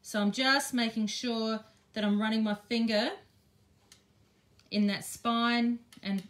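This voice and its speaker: A woman's voice: a little high, fairly even intonation, slow. An Australian woman chatting and thinking aloud with frequent ums as she teaches a live craft demonstration. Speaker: craft teacher and shop owner.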